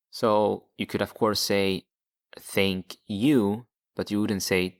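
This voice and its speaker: A male teacher talks learners through a video lesson at an unhurried, deliberate pace. His voice sits a little low, and he repeats each new word so it sinks in. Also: steady tone. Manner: patient, repeats words for learners. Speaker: language teacher. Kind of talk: slow explanatory video lesson.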